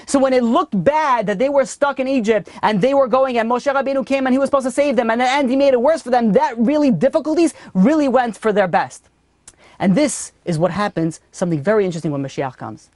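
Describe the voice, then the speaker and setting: Male rabbi, lively lecture-storyteller, dry close sound. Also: very high voice, no room sound. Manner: animated storyteller, drops to a murmur for story asides. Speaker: rabbi teaching a weekly class. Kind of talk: Torah class with storytelling. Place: classroom.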